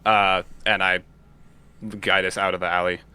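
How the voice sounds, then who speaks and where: Low, bright-toned male player. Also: little pitch movement, clean tone. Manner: halting, describing actions step by step. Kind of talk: casual tabletop play.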